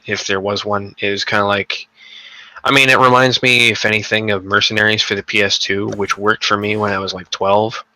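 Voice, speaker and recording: A man's voice: lowish voice, little pitch movement, fairly quick, sharp tone, dry recording, rough recording. A young man co-hosting a casual gaming podcast, rambling and profane, with lots of fillers and restarts. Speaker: podcast co-host.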